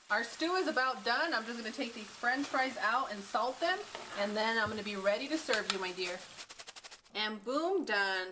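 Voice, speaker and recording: A woman with a Texan accent hosting a home cooking tutorial in her kitchen, explaining each step in a chatty, easygoing way with soft laughs. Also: mid-range voice, a little hiss or hum. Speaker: cooking channel host and mother.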